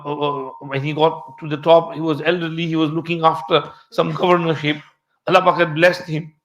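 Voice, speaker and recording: Brief: male religious teacher, storytelling lesson, fairly high voice. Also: fairly bright tone. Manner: storytelling, mixing in Urdu and Arabic terms. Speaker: Islamic teacher. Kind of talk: Quran commentary lesson.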